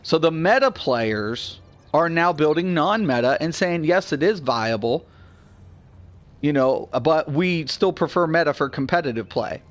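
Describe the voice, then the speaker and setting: A man in his forties hosting a gaming channel, ranting bluntly and swearing freely, swinging between low grumbling and loud excitement. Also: measured pace. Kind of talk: casual gameplay rant.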